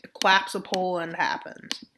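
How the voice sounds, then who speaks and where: Bright-voiced woman joking over a map. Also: on the low side, level tone, normal speed, slight background noise. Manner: joking asides, playful mock voices. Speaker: map video narrator. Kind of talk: casual commentary over a map scenario.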